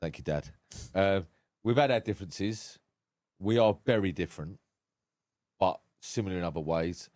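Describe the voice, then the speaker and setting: A man's voice: low-pitched, moderate pace, a little mellow, dry recording, studio quality. A man, a podcast guest recounting his life frankly and with feeling, swearing freely. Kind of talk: candid personal storytelling.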